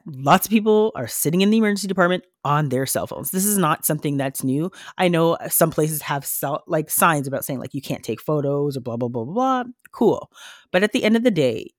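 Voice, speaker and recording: A woman nurse on a podcast, telling a story in a lively way and acting out the lines of the people in it. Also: low-pitched, no echo, studio quality. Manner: animated storytelling, acting out quoted dialogue. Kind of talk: casual podcast conversation.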